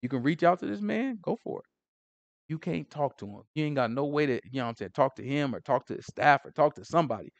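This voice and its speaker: A man's voice: a little high, lively intonation, fast talker, creaky, dry recording, lo-fi sound. A man giving casual, emphatic Bible teaching, full of rhetorical questions and conversational asides. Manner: frequent "you know what I'm saying". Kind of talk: casual street-style teaching.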